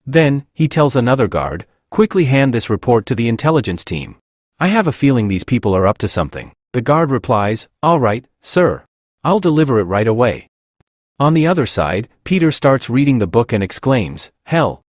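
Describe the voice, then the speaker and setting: A man's voice: mid-range voice, big pitch swings, normal speed, dry recording, studio quality. A man narrating a comic recap, reading every character's lines in his own voice.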